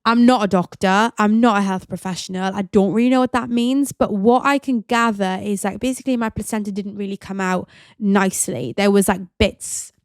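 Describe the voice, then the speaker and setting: A woman's voice: medium pitch, steady tone, fairly quick, no echo. Chatty woman, very dry sound. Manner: chatty and open, many "like" fillers. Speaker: podcast host. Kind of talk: candid personal storytelling.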